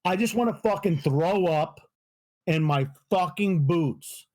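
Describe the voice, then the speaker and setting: A man's voice: high voice, measured pace. A man co-hosting a casual sports podcast, ranting with lots of swearing. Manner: profane, ranting, animated. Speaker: podcast co-host.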